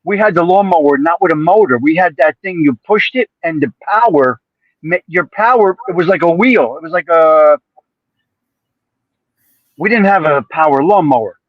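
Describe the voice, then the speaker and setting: A man's voice: on the high side, moderate pace, no echo, muffled recording. A man co-hosting a livestream podcast in casual chat, swearing freely and repeating phrases for emphasis. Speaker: livestream co-host.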